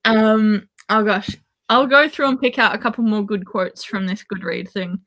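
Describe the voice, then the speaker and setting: Bright-voiced woman chatting about a book. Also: mid-range voice, normal speed. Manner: animated, laughs often, reads quotes aloud. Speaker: book club podcast host. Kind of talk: casual chat.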